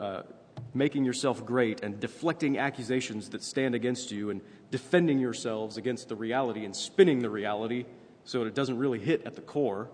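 A man's voice: mid-range voice, darkish tone. A man preaching a sermon in a conversational way, often checking in with "right?" as he goes. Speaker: pastor. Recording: long reverb, faint ambient noise.

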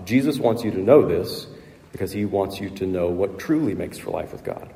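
Male pastor, emphatic sermon delivery, warm tone, reverberant sanctuary. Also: low-pitched, lively intonation, moderate pace, vocal fry. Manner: earnest, emphatic preaching with rhetorical questions. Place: church sanctuary.

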